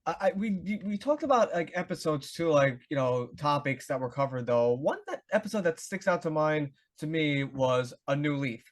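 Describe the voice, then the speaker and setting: A man hosting a casual talk show, eagerly retelling favorite scenes with a fan's enthusiasm. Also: a little high. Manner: enthusiastic fan, retelling scenes with acted voices. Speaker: podcast host. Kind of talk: casual chat.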